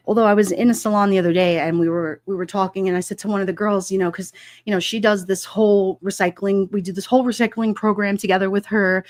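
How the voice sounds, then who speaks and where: A woman's voice: mid-range voice, darkish tone, dry recording. Chatty laughing woman, dry close sound. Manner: chatty, laughs often, rambling with many fillers. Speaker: livestream host. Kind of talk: casual live-stream chat reading comments.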